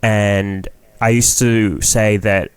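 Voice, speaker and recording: A man's voice: fairly low pitch, little pitch movement, slow pace, clean tone, dry recording. A young man with a New Zealand accent, a comedian guest on a podcast, talking frankly and rambling, swearing freely in casual chat.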